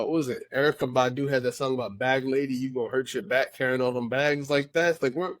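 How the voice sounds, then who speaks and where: A man co-hosting a casual podcast conversation, emphatic and quick to laugh, often repeating words as he builds a point. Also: fairly high pitch, no echo. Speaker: podcast co-host.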